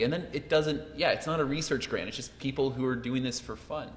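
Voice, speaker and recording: Panelist, male, eager and easygoing, mid-pitched, heard in an echoey hall. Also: a little fast, a little hiss or hum. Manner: enthusiastic, loose, many fillers. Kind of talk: panel discussion answer. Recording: echoey hall with faint ambience.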